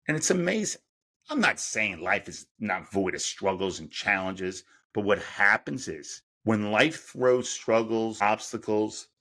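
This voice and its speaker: A man's voice: medium pitch, fairly bright tone, breathy edge. A middle-aged man, a mental performance coach, explaining his method in an interview and asking himself rhetorical questions as he goes. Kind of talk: podcast interview answer.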